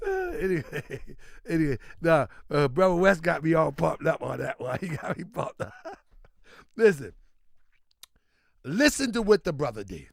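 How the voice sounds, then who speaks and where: Hyped man with a lively high voice. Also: measured pace, vocal fry, pauses often, dry recording, clean studio sound. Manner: hyped, emphatic, repeats phrases. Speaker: host. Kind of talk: casual commentary vlog.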